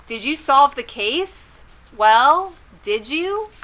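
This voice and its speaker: A woman voicing an eager, impatient young girl in a children's storybook read-aloud, pushy and loud. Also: medium pitch, animated, takes it slowly, highs cut off, slight background noise, heavily acted.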